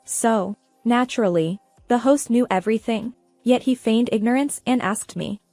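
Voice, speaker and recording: A woman narrating a first-person revenge story in a steady, even manner. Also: on the high side, moderate pace, no room sound, soft background music.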